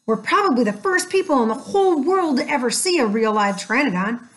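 Lady doing a worried nerdy little boy, doubting everything, kinda high voice. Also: expressive, a little fast, a bit bright. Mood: doubtful. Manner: nervous and doubtful. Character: cautious, skeptical young boy who takes notes.

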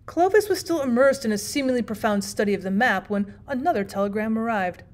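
A woman teacher reads a classic short story aloud in a steady, expressive way. Her voice sits fairly high, and she often starts sentences with a small "well". It sounds like a classroom audiobook. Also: brisk. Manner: steady, expressive reading with frequent "well" fillers. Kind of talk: audiobook narration.

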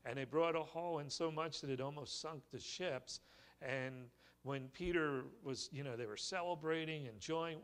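A male pastor preaching a sermon in a church, telling the story in a relaxed, conversational way with light humor. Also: medium pitch, moderate pace. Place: church sanctuary.

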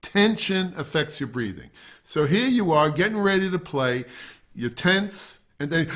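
A middle-aged man with a slightly high voice leads a masterclass on breathing. He speaks in a loose, conversational way to the class, stopping to have them try each exercise. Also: sing-song, a little slow, fairly bright tone. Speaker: wind instrument teacher. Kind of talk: masterclass lecture.

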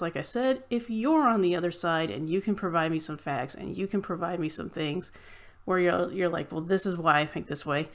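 A woman vlogger delivering an impassioned, ranting opinion monologue straight to her viewers. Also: lowish voice.

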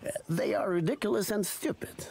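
Snooty artist, game, gravelly, haughty, dismissive, faint noise. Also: male voice, sits high, lively intonation, a little fast, a little mellow. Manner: haughty, dismissive of others' ideas.

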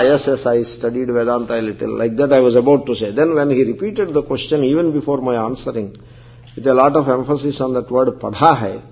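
Swami lecturing on scripture, gravelly voice, patient and explanatory, thin phone-like sound. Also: male voice, mid-range voice. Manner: conversational, explanatory, peppered with Sanskrit terms. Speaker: Vedanta teacher, swami. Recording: tinny phone-like recording.

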